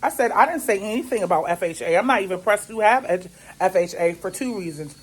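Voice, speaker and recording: A woman's voice: medium pitch, animated, quick pace, breathy edge, low-quality recording. A woman vlogger telling a story at home in her kitchen while she cooks, venting with indignation and plenty of slang. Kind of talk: casual storytime vlog while cooking.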